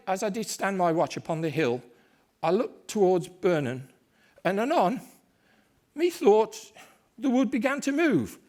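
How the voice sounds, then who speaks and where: A man performing Macbeth, a desperate, raging Scottish king, in a dramatic stage recitation that moves from hushed despair to shouting fury. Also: sits high, voice pushed up, full character voice. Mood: furious.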